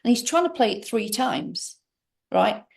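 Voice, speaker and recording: A woman's voice: fairly high pitch, expressive, measured pace, vocal fry. A middle-aged woman telling a personal story to an interviewer in a rambling, emphatic way, full of restarts. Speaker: interview guest. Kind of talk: personal story told in conversation.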